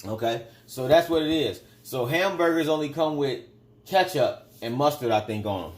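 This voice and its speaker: A man's voice: medium pitch, normal speed. A man hosting a casual livestream who tells rambling, profane stories in a loose, offhand way. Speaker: livestream host and spiritual teacher.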